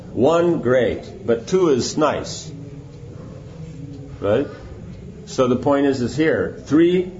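A man's voice: mid-range voice, mellow, lo-fi sound, slight background noise. A man giving an informal spiritual class, explaining points conversationally and often checking in with his listeners. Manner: conversational, keeps checking in with "right?". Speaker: spiritual teacher.

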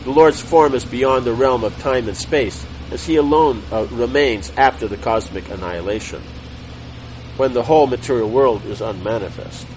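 A middle-aged man teaching a scripture class, reading a text aloud in a measured, deliberate way with small self-corrections and chatty asides. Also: mid-range voice, darkish tone, slight background noise, low-quality recording.

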